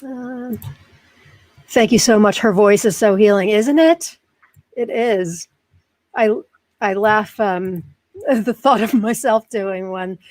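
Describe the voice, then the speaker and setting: A woman's voice: mid-range voice, takes it slowly, pauses often, darkish tone, no echo. An American woman hosting a chat show, bubbly, chatty and self-deprecating as she reads out comments. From United States. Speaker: podcast host. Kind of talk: casual chat.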